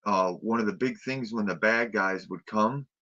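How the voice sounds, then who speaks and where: A man's voice: fairly low pitch, normal speed, bright, forceful tone. A man ranting with heavy swearing in a casual late-night chat, recorded with dull lo-fi sound. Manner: ranting, profane, emphatic.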